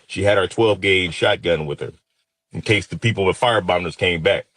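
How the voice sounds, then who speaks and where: A man's voice: low-pitched, fairly quick, fairly bright tone. A man in his fifties from Detroit telling a personal story with intense, emotional, vivid retelling. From Detroit, USA.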